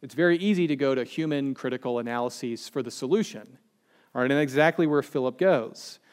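A man's voice: mid-range voice, brisk, clear, resonant tone. A male pastor giving a casual, conversational sermon with humorous asides and acted-out quotes. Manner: chatty, joking, acts out quoted people.

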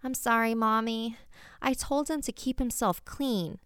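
A woman's voice: fairly high pitch, unhurried, a bit bright, smooth, no echo, clean studio sound, pitched above the performer's own voice. A woman doing an eerie sweet little girl. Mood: upset. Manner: eager, childlike pleading.

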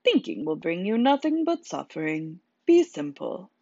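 Storybook figure: a woman playing a big, dusty vagrant sage, slow and plain-spoken, in a dull, dry recording. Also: lowish voice, very animated, gravelly, a little mellow, no echo, heavily acted. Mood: calm, preaching. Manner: slow, simple, blunt speech. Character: huge wild village idiot man, secretly a calm philosopher.

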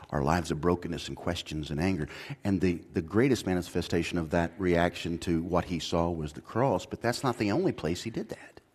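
Shifting between hushed, low-pitched reflection and loud, high exhortation, a man preaches as a pastor, dropping casual slang and restarting his lines again and again.

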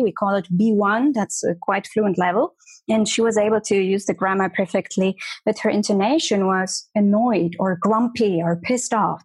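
Brief: woman, podcast guest, playful and lively, mid pitch, dry sound. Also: no room sound. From Germany. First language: German. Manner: lively, playful imitations of voices. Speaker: guest, conversation designer. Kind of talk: podcast interview.

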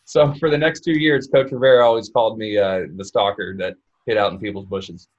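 A man with a lowish voice tells stories on a sports podcast in an easygoing, anecdotal way. The recording sounds somewhat dull and lo-fi. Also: fairly even intonation, a little fast. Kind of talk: casual storytelling.

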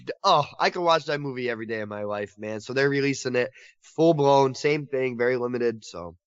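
A man co-hosting a casual podcast, talking with excitable enthusiasm and laughing often. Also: medium pitch, brisk, clear, resonant tone, no echo, dull audio. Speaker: podcast co-host covering horror collectibles.

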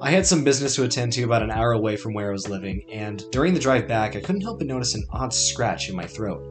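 A man's voice: on the low side, expressive, quick pace, over music. A young man narrating his own podcast memoir in a wry, conversational way, with dry asides. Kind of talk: scripted personal narration.

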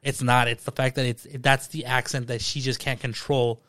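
A man chatting casually as a podcast host, animated and quick to circle back on his words. His voice sits at an ordinary middle pitch and sounds close and dry, with no room around it. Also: no room sound. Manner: animated, repeats words when thinking. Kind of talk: casual chat.

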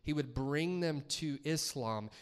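A male guest preacher delivers a sermon in a church. His voice sits a little higher than most men's. He keeps it conversational and often turns to the congregation with questions. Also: a little slow, clean tone.

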